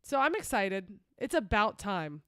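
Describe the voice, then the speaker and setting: A woman's voice: mid-range voice, sing-song, unhurried, a bit bright, smooth, dry recording, clean studio sound. A woman co-hosting a podcast in casual, emphatic chat, laughing often. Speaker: podcast co-host.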